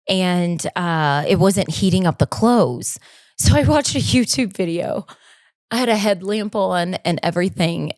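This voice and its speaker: Recorded cleanly in a studio with no echo, this mid-range female voice belongs to a podcast co-host flying solo. Her casual personal monologue wanders, stays frank and self-deprecating, and she struggles to keep her emotions in check.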